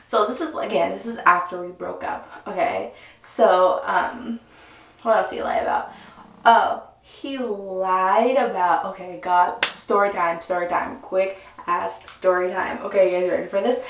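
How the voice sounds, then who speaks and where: A young woman vlogger telling a story in a casual, animated and profane way. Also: medium pitch, a little slow, recorded from a distance. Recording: echoey room, voice off-mic.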